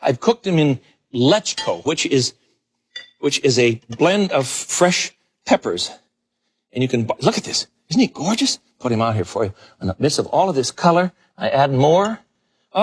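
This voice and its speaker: A man's voice: fairly high pitch, a little hiss or hum. A middle-aged man hosting a televised cooking show from a galley-style kitchen, gushing over each dish as he demonstrates it. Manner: effusive, exclaims over the food.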